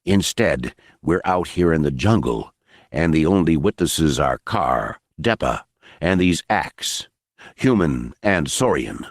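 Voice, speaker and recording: A man's voice: extremely low pitch, lively intonation, slow, no echo, clean studio sound, pitched below the performer's own voice, exaggerated voice. Man doing a cool, stern warrior general. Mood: stern calm. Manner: clipped, controlled, cool. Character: calm stern commanding male warrior general.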